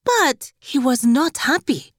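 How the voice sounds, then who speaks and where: Animated woman telling children's stories. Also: high voice, slow, no room sound, clean studio sound. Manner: animated, sing-song, exclamatory. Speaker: children's storyteller host. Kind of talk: storybook narration for children.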